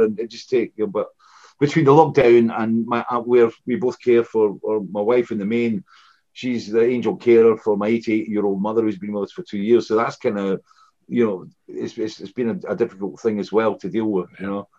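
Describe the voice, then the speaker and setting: A man's voice: fairly low pitch, fairly quick. Scottish man in his sixties, rambling stories. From Scotland. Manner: rambling, many restarts and "you know"s, animated anecdotes. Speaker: guest, former rock frontman. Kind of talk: casual storytelling interview. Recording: dull lo-fi recording.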